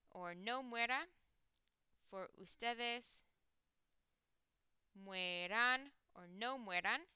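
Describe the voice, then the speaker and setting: A woman teaching a recorded Spanish grammar lesson, explaining step by step and slowing down to spell out example words. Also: medium pitch, bright, forceful tone, clean tone, no room sound.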